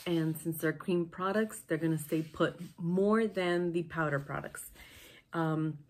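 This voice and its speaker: A woman's voice: deep voice, measured pace. A woman with a sick, nasal voice, chatting through a makeup tutorial as a beauty vlogger. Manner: chatty, talks through each step.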